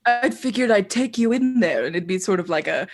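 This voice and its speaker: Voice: mid-range voice, animated, a little fast. A player in a tabletop game, joking wryly about their own character's plans. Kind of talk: casual tabletop game play.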